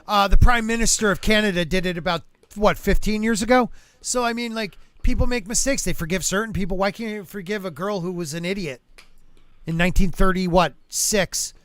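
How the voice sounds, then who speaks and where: A man hosting a podcast, chatting casually and joking around in an animated way. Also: sits high, fairly quick, no room sound. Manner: animated, joking, drifts into silly voices. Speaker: podcast host. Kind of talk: casual panel chat.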